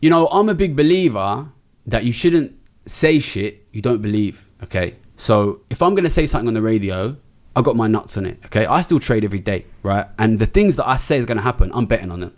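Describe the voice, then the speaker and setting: Fast-talking blunt sweary man. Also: lowish voice, animated, a little mellow. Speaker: interview guest, trader. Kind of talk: candid interview talk.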